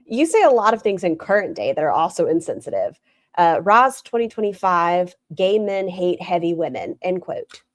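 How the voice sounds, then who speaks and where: A woman's voice: fairly low pitch, very animated, normal speed, dry recording. Woman streamer doing reaction commentary, dry mocking tone, close dry mic.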